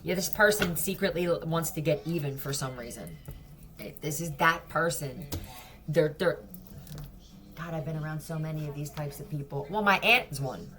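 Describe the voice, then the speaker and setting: Low-voiced blunt woman reading tarot. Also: moderate pace, fairly bright tone, soft background music. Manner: blunt, profane and mocking. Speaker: tarot reader. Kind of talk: casual tarot reading vlog.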